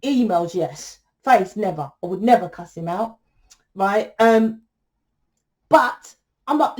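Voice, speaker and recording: A woman's voice: mid-range voice, expressive, slow pace, long pauses, darkish tone. A woman giving a casual tarot reading, talking bluntly and lecturing the viewer, with plenty of swearing. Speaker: tarot reader.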